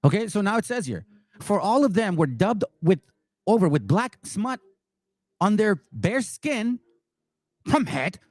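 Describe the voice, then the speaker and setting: A man's voice: sits high, sing-song, measured pace, long pauses, no echo. A man giving heated commentary and reading passages aloud, angry and emphatic, repeating words for stress. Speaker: commentary host.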